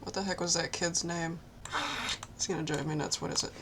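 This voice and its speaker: A woman's voice: lowish voice, fairly even intonation, fairly quick, a bit bright. A woman chatting casually with friends over a voice call, joking, quoting memes and laughing often. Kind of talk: casual chat. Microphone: computer mic on a voice call.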